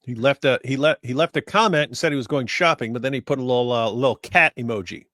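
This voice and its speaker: A man's voice: mid-range voice, fast, fairly bright tone, no room sound, studio quality. A man co-hosting a casual livestream, trading wry, teasing banter. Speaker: livestream co-host.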